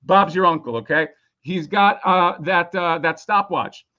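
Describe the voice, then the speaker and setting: A man's voice: sits high, a little slow, sharp tone, highs cut off. A man losing his voice, rambling casually and swearing a lot while explaining a toy on a live stream. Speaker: toy designer presenting a crowdfunding campaign.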